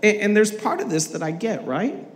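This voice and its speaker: A man's voice: high voice, sing-song, moderate pace. A man preaching a sermon as pastor, telling the story with humor and acting out the lines he quotes. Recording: long reverb of a large hall.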